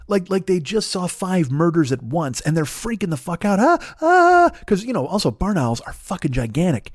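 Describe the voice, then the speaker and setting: A middle-aged man riffs through a comic monologue, tumbling over restarts and swearing freely. His voice sits slightly higher than most men's. The sound is close and dry. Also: no room sound. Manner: rambling, profane, animated rants with restarts. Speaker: comedian, podcast host. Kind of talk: solo comedic monologue.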